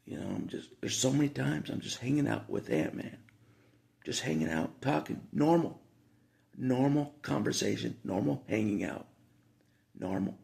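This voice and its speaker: Gravelly-voiced man rambling to camera. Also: medium pitch, lively intonation, moderate pace, darkish tone. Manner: rambling, repeats himself, frequent asides. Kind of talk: casual monologue to camera.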